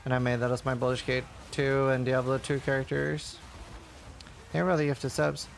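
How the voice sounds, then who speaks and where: A man's voice: mid-range voice, flat delivery, fairly quick, vocal fry, slight background noise. A man streaming a game live, chatting casually and answering viewer questions with lots of fillers. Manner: chatty, reads chat questions aloud, rambling with fillers. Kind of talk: casual live-stream chat while gaming.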